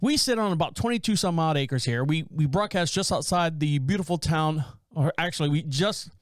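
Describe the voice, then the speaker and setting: A North Carolina man runs a solo podcast out of a small home studio, telling stories in a loose, rambling way, cutting himself off and voicing his neighbors' lines. His high voice is smooth and clean, with lively intonation and a brisk pace. The room is dry, with next to no echo.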